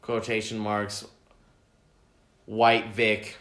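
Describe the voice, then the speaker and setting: A man's voice: lowish voice, monotone, drawn-out words, a bit bright, roomy sound. A man co-hosting a casual sports podcast, teasing his buddy with dry wisecracks. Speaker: podcast co-host.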